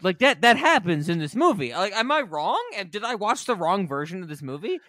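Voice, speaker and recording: A man co-hosting a casual film podcast, excitable and jokey, mocking scenes with exaggerated quotes. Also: high voice, fairly quick, no room sound. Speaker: podcast co-host. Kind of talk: casual comedic film discussion.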